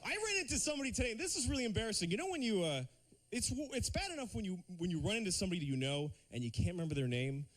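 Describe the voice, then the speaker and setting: High, bouncy comic man on stage. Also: rapid-fire. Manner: lively, breaks into silly put-on voices. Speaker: stand-up comedian. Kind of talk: stand-up routine. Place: TV studio stage.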